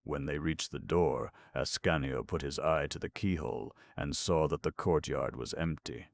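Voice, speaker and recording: Very deep, gravelly male narrator. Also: moderate pace, no echo, studio quality. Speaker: audiobook narrator. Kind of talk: scripted narration.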